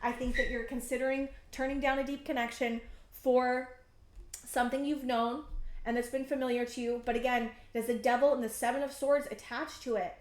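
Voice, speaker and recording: A woman's voice: sits high, little pitch movement, a little fast, darkish tone, roomy sound. A woman in her thirties giving an earnest, emphatic pick-a-card tarot reading, often restarting her sentences. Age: 30s. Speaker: tarot reader.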